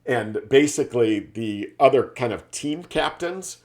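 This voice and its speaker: A man's voice: medium pitch, animated, measured pace, a little mellow. A man, a sales leadership speaker, telling a business parable in a casual storytelling style, often adding tag questions. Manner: chatty, frequent tag questions.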